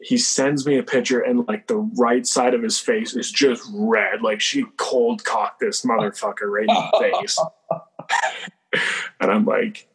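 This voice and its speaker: A young man telling a story in a casual, mid-pitched voice. He sounds relaxed. He leans on "like" in nearly every sentence and swears without a second thought. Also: a little slow, breathy edge, rough recording. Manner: says "like" constantly, swears freely. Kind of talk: casual chat.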